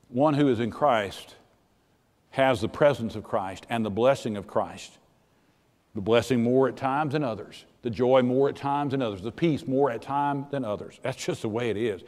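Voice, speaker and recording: A middle-aged pastor preaching a sermon in a plainspoken, folksy, earnest way, shifting between soft and loud. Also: male voice, medium pitch, moderate pace. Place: church sanctuary. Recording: church sanctuary with long reverb.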